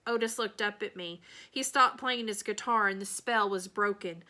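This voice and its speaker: Woman reader, bright tone, children's novel read aloud, light character voices. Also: mid-range voice, moderate pace.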